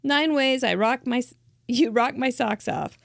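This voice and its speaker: A woman's voice: on the high side, unhurried, gravelly, no echo, studio quality. A woman hosting a craft show, chatting in an effusive, gushing way and laughing often as she shows cards from viewers. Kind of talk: casual live-show chat.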